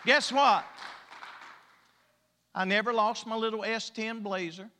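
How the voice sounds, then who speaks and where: A man's voice: sits high, flat delivery, normal speed, pushed and bright, some chatter behind, slight background noise. A man preaching a sermon at a church service, drawing out emphatic repeated lines and mixing in humor. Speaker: pastor. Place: church sanctuary. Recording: church hall reverb.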